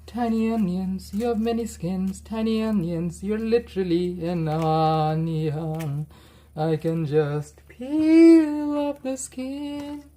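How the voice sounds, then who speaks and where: A woman's voice: medium pitch, lively intonation, slow, dark tone. A woman hosting a cooking livestream, chatting playfully and chanting silly sing-song phrases as she cooks.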